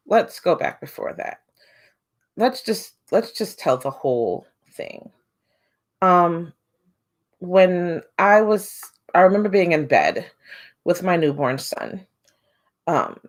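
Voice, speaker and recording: A woman in her forties, a homeschooling mom, telling a personal story to camera in a casual, animated way and acting out what people said. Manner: animated, acts out quotes with big pitch jumps.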